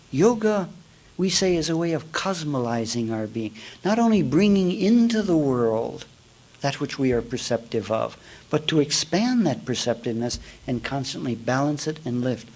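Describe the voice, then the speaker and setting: A man teaching yoga in a spiritual talk, telling folksy stories with jokes and swinging between loud and hushed. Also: mid-range voice, rough recording. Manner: folksy, storytelling with jokes and asides.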